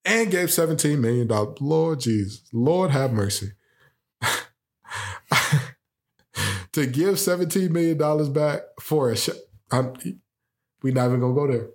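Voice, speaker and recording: A man hosting a sports talk show, giving opinionated commentary with animated rhetorical questions and sarcastic jokes. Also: a little high, measured pace, pauses often.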